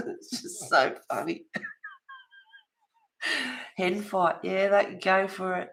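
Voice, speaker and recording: A woman's voice: medium pitch, slow pace, gravelly, long pauses. A woman in her fifties or older chats as a livestream host while she colours. She tells gossipy stories and laughs often between them. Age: 50s or older. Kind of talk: casual chat while colouring.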